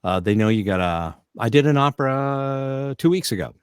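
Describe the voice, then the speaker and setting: A man's voice: mid-range voice, normal speed, clear, resonant tone, dry recording, clean studio sound. A man, a voice actor and guest, telling anecdotes in casual conversation and jumping into character voices as he goes. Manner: animated storyteller who slips into character voices.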